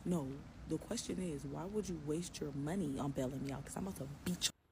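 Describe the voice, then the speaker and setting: A woman telling a personal story in an animated, emphatic way, repeating herself for effect. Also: low voice, brisk, noisy background.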